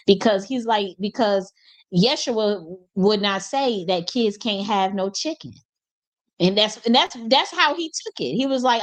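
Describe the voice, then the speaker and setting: Animated woman telling a story, laughing. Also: medium pitch, a little slow. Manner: animated, laughs often, swears, colloquial. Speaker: host. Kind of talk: casual storytelling monologue.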